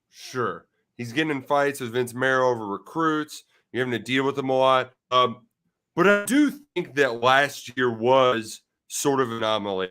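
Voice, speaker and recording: A man's voice: mid-range voice, bright, forceful tone. Playful, jokey man on sports podcast. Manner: playful, jokey self-mocking banter. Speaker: podcast co-host. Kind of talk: casual sports betting chat.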